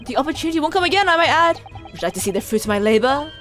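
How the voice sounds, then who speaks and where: A woman's voice: high voice, animated, very fast, a bit bright, faint music behind, voice pushed up. A woman voicing a pushy museum proprietor in a game, reading in a salesy, wheedling way.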